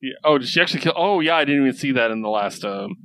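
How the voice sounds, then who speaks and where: A man's voice: mid-range voice, expressive, racing, pushed and bright, no echo. A man co-hosting a comic review podcast, chatting casually and enthusiastically, laughing often and acting out characters' lines. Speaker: podcast co-host.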